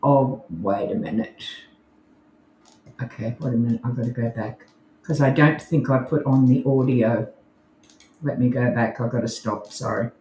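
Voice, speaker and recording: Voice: mid-range voice, moderate pace, long pauses, warm tone. A tired podcast co-host in casual chat, thinking aloud and working through screen sharing. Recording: roomy room with faint noise.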